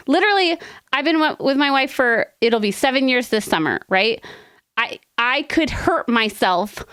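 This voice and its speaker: A woman co-hosting an advice podcast, talking in an earnest, rambling way with quick asides. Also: sits high, expressive, a bit bright, clean tone, no echo, studio quality. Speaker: podcast co-host. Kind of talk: casual advice chat.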